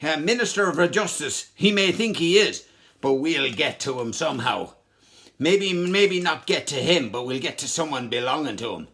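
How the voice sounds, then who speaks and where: A man's voice: expressive, moderate pace, fairly bright tone. A man doing a ranting Irish rebel. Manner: ranting, indignant, then low and scheming. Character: angry bitter male anti-treaty rebel fighter. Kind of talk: costumed comic history impersonation.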